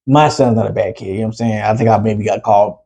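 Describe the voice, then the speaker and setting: A man's voice: lowish voice, steady tone, quick pace, gravelly, warm tone, breathy edge. A man co-hosting a podcast in casual chat, a father who keeps checking in with "you know what I'm saying". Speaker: podcast co-host; father of a preteen son.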